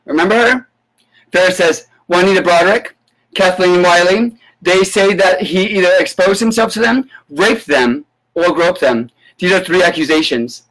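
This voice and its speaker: A man giving an indignant live-stream rant, sarcastic and full of profanity, breaking into sudden high yelps. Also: a bit bright, low-quality recording. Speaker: political commentator. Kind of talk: ranting live-stream commentary.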